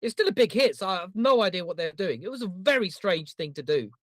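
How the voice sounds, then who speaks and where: A man with a rather high, lively voice tells rambling, jokey stories as a comedy podcast co-host. His delivery swings up and down in pitch. The sound is dry and close. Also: fast, no echo. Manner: animated, rambling, jokey storytelling. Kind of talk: casual comedic chat.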